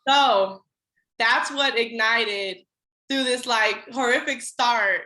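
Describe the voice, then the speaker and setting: A woman guest on a podcast, telling her story in casual, animated chat and acting out her past lines. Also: a little high, slow, echoey room.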